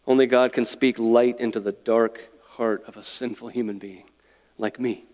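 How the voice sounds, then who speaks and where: A man's voice: medium pitch, fairly even intonation, moderate pace, a little mellow. Man, pastor, sermon, earnest, stammering repeats, church hall reverb. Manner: earnest, repeats words, chuckles between points. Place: church sanctuary.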